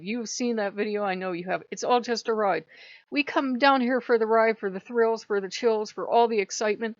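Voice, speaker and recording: A woman chatting casually to her channel, animated and laughing often as she slips into mock voices. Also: on the high side, normal speed, no room sound, lo-fi sound. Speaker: YouTuber.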